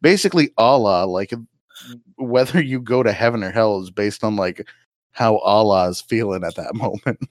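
A man's voice: lowish voice, moderate pace, no echo, clean studio sound. A man co-hosting a podcast, talking loosely with lots of restarts and fillers. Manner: rambling, with many restarts and fillers. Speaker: podcast co-host. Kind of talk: casual chat.

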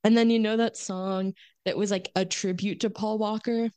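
A woman co-hosting a podcast in casual chat, animated and acting out quoted lines. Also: mid-range voice, moderate pace, clean tone, no room sound. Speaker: podcast co-host.

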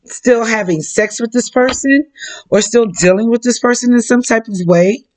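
A woman giving a psychic reading for her viewers in a relaxed, frank way, with blunt talk and casual swearing. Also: a little high, normal speed. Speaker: psychic reader.

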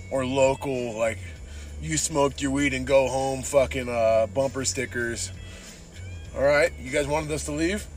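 Profane ranting man, music faint behind. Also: medium pitch. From San Diego, Southern California. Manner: profane, rambling, says "dude" constantly. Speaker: podcast host. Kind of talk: casual podcast rant. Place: in a car while driving.

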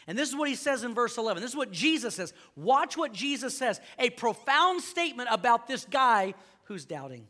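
A man's voice: high-pitched, lively intonation, normal speed, pushed and bright. A man, a pastor, preaching a sermon to a congregation, joking and conversational, then emphatic.

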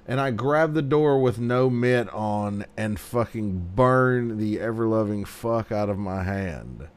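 A man's voice: on the low side, takes it slowly, clear, resonant tone. A man in casual podcast chat, laid-back, giving short agreeing replies and swearing casually. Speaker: podcast co-host.

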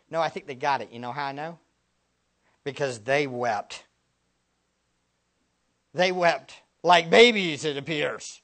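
A man preaching a sermon with a bright, forceful edge to his voice that sits a little high for a man. He moves from soft, almost whispered lines to loud, pressing questions that he repeats to drive the point home. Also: slow pace, pauses often. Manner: swings from hushed near-whispers to loud emphatic preaching; rhetorical questions, repeated for emphasis. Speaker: pastor.

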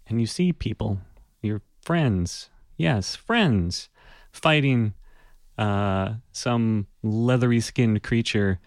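A man narrating a tabletop game as game master, unhurried and descriptive. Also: on the low side, no room sound.

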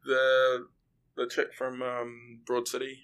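A man's voice: medium pitch, completely flat delivery, takes it slowly, a bit bright, clean tone. A man with a New Zealand accent, a podcast guest, chatting casually and searching for words with many fillers. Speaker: animator guest. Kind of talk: casual chat.

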